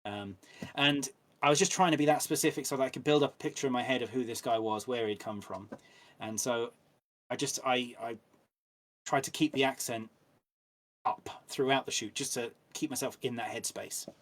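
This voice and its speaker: A man with an English accent, an actor guest telling anecdotes in a relaxed interview chat with frequent ums. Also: mid-range voice, moderate pace.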